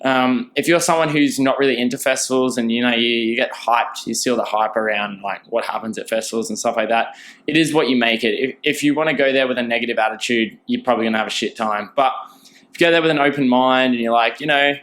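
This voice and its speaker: A man's voice: mid-range voice, steady tone, fast talker, fairly bright tone. Rambling young man hosting a podcast. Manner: rambling, chatty, frequent fillers and restarts. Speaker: podcast host. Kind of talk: casual solo podcast monologue.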